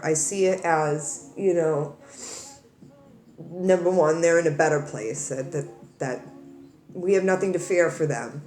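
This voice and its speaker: A woman's voice: low-pitched, darkish tone, roomy sound. A woman tarot reader talking earnestly to her viewers, crying as she comforts them, with many repeats and restarts. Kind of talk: emotional direct-to-camera talk.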